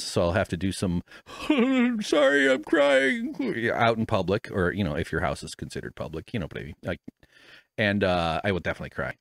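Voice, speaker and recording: A low-voiced man hosts a podcast from home with a studio microphone and headphones, and there's no room sound. His talk is casual and rambling, self-deprecating, with plenty of swearing.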